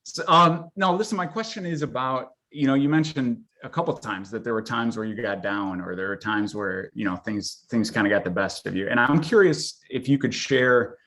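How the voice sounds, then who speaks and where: A man from Michigan speaking at a middling pitch, friendly and chatty. He teases the guest a little before asking his question on a live show. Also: moderate pace, few pauses, bright, forceful tone. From Michigan, USA. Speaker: audience member asking a question. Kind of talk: casual chat.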